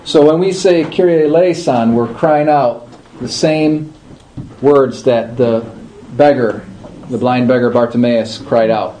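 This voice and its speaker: Man giving a relaxed liturgy class. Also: mid-range voice, slight background noise, low-quality recording. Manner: conversational, checks in with listeners, drawn-out chanted demonstrations. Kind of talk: informal class talk.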